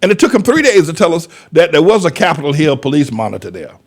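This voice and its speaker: A man's voice: fairly high pitch, big pitch swings, fast talker, darkish tone. A man, a pastor, rambling through a folksy commentary monologue with chuckling asides.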